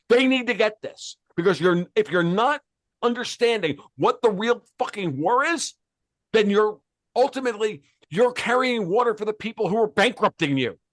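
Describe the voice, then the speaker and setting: A man's voice: sits high, a bit bright, dry recording, studio quality. A man hosting a podcast, from the United States, delivering a heated, profane rant full of repeated words and restarts. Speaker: podcast host.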